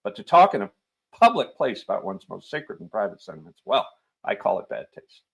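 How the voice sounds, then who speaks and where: A man's voice: fairly low pitch, sing-song, fairly quick, gravelly, fairly bright tone, husky, heavily acted. A man voicing a pompous middle-aged male police magistrate who blusters, turns irritable and talks down to the accused.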